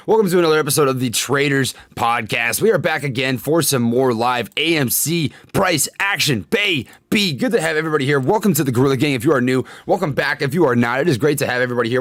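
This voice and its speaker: A man's voice: mid-range voice, no echo. A young man hosts a casual stock-trading livestream with hyped, slangy energy, tossing out catchphrases and greeting chatters by name. His voice sits in an ordinary middle register. He is recorded close on a desk microphone in a dry room at home. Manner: hyped, slangy, catchphrase-heavy, reads chat aloud. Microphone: desk condenser microphone.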